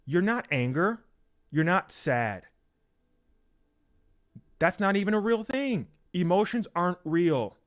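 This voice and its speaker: Man, informal preacher, slightly high voice, slow and emphatic delivery, repeats for effect. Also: sing-song. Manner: emphatic, repeats lines, acts out quoted excuses in a higher voice. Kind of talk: informal sermon.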